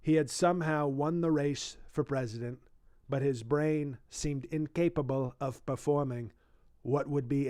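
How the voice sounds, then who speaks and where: In a clean, echo-free studio recording, a man with a medium-pitched, smooth, slightly mellow voice does a lightly acted comic impression of a boastful older male politician. He reads a book aloud but keeps breaking off into rambling asides praising himself.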